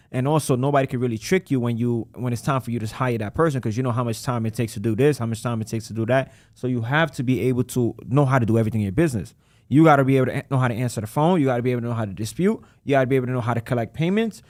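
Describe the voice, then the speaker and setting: A fast, punchy man telling his story as a podcast guest, animated and emphatic, with lots of slang. His voice sits in a middle pitch, and the sound is close and dead dry with no room in it. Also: dry recording. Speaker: credit repair business owner, guest. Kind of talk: casual podcast conversation.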